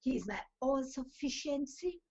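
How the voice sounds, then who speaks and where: This talk show host and life coach has a high, animated, mellow voice with a breathy edge, speaking at normal speed. She delivers an emphatic, preachy motivational talk laced with scripture phrases, heard through a dull lo-fi recording.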